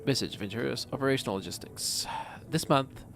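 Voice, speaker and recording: A man's voice: mid-range voice, a little fast, gravelly, music in the background. A man with a New Zealand accent, casually commenting on a game and reading its messages aloud with jokes. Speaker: streamer.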